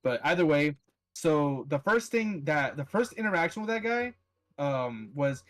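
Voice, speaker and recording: Man, fairly high voice, casual storyteller, rambling, swears a lot, heavy on fillers. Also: sing-song, a little slow. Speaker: podcast host.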